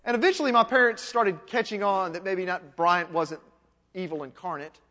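A man's voice: high voice, moderate pace, sharp tone, big-room sound. A man pastor preaching a sermon in a conversational way, asking his listeners rhetorical questions.

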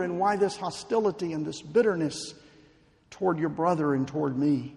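A man preaching a sermon, slow and emphatic, building to fervent pleading. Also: fairly high pitch, vocal fry, a little mellow. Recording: long hall reverb.

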